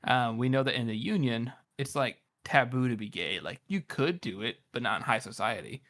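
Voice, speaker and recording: A man co-hosting a casual book discussion podcast, speaking at a mid pitch. He rambles and thinks aloud, circling his point with fillers before landing it. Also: expressive, moderate pace, fairly bright tone. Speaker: podcast co-host.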